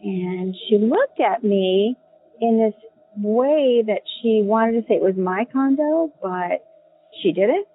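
A woman telling a personal ghost story in a casual, halting way, with many ums and restarts. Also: mid-range voice, animated, slightly rough. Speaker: caller sharing a ghost story. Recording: tinny phone line.

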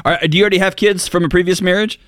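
A man's voice: high voice, steady tone, racing, a bit bright, no room sound, studio quality. A man hosting a call-in radio show, chatting casually and joking at his own expense. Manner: joking, self-deprecating.

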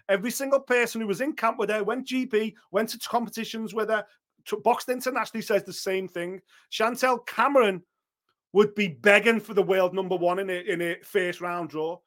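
A man's voice: high voice, a little fast, fairly bright tone. A man giving blunt, opinionated boxing talk on a podcast, swearing freely and acting out what others might say. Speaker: boxing pundit.

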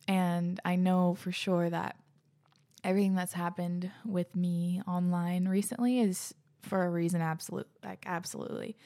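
A young woman hosting a casual solo podcast, earnest and gushing, slipping into soft breathy asides, and out of breath. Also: lowish voice. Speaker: podcast host.

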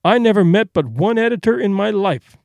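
A man's voice: sits high, animated, a little fast, vocal fry, a little mellow, no room sound, voice pushed up. A man voicing a guarded, polite young woman. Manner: polite, guarded, trying to sound offhand. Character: nervous young woman hiding her aims.

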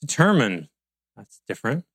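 A man's voice: medium pitch, very animated, normal speed, fairly bright tone, breathy edge, no echo. A man teaching an online leadership class over a video call, rambling with playful asides and self-interruptions. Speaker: course instructor.

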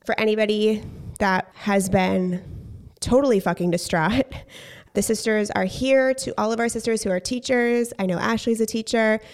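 A woman's voice: medium pitch, normal speed. Chatty pregnant woman on a podcast. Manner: chatty, candid, swears casually. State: pregnant, gets out of breath. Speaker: podcast co-host. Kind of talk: casual podcast chat.

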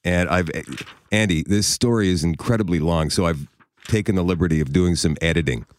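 A man with a very low, deep voice hosts a radio show, easygoing and conversational as he reads out a listener's letter. His sound is dry and close, with no room around it. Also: fairly quick, dry recording. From Canada. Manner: chatty, conversational, with asides and chuckles. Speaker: radio host. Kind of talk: radio talk, reading a listener's email aloud.

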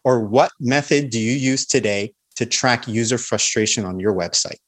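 A confident man talks through sales tactics as a guest on a podcast. His pitch sits in an ordinary middle range, and he keeps an energetic teaching manner, briefly acting out the calls he describes. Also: normal speed. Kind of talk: podcast interview.

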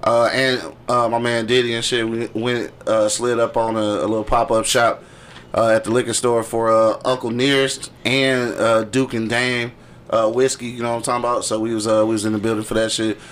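A man hosting a casual podcast, full of profanity and easy laughter. His voice sits at an ordinary pitch. A faint hiss of noise runs under the recording. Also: flat delivery, a little fast, a bit bright. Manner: loose, profane, laughing banter. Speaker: podcast host. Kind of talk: casual chat.

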